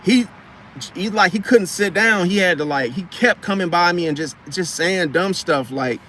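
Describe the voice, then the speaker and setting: A man's voice: high voice, measured pace, sharp tone, a little hiss or hum. A man telling a casual story from his car repair job in a rambling, slangy way, often repeating and restarting his words.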